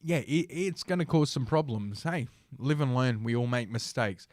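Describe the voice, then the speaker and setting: A man's voice: medium pitch, moderate pace, darkish tone, no echo, clean studio sound. A man with an Australian accent, hosting a livestream and telling a rambling, profane story full of fillers and restarts. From South Australia, Australia. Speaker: podcast host.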